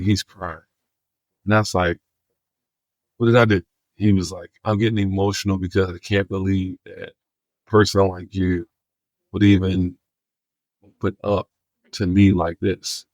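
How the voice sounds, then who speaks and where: A deep-voiced man, a homelessness outreach worker appearing as a podcast guest, tells stories animatedly and acts out the quoted dialogue. The recording is dry.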